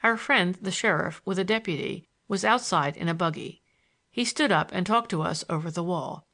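A woman reading a novel aloud as an audiobook narrator, in an even, measured way. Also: on the low side.

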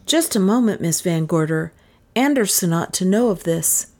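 A woman reading a storybook voices a brisk man who speaks with urgency. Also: lowish voice, animated, darkish tone. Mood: urgent. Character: brisk man taking charge.

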